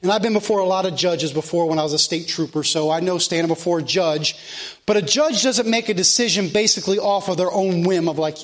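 A middle-aged man preaching a sermon in a church, fervent, swinging from loud Scripture reading to soft, earnest pleading. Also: high-pitched, brisk. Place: church sanctuary.

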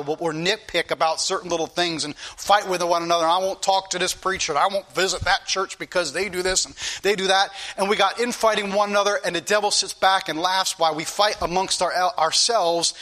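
A man's voice: high voice, bright, forceful tone. A male pastor preaching an earnest, repetitive sermon that rises into pleading questions to his congregation.

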